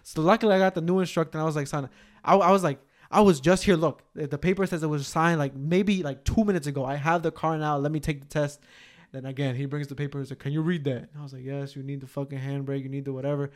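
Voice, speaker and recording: A young man with a slightly high voice, chatting on a podcast. He tells stories casually, swears freely and leans on slang. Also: fast talker. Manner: profane, animated storytelling with slang. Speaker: podcast co-host. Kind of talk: casual chat, storytelling.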